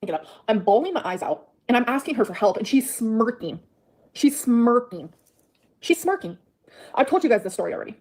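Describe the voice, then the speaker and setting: A woman's voice: fairly high pitch, very animated, a little fast, a little mellow. A woman on a livestream telling a grievance in an aggrieved, defensive way, repeating herself. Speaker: streamer in a played clip. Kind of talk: emotional livestream monologue.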